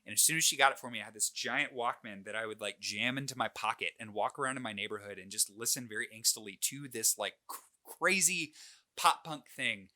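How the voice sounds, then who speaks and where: A podcast co-host in his late twenties tells a personal story in casual conversation, full of fillers and restarts. He's animated and pokes fun at himself, speaking at medium pitch and a little fast.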